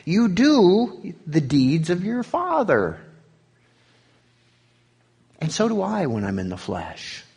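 A man teaching a sermon, reading scripture aloud with swelling emphasis and dropping low for asides. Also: gravelly, slightly rough. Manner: rises in pitch and volume on quoted scripture, drops low on asides. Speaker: pastor teaching a Bible study.

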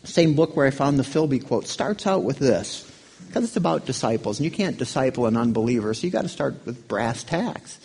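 A man delivers a sermon in a relaxed, conversational way, asking his listeners questions. His voice is gravelly and a little husky. His pitch moves up and down a lot as he preaches. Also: brisk. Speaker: pastor.

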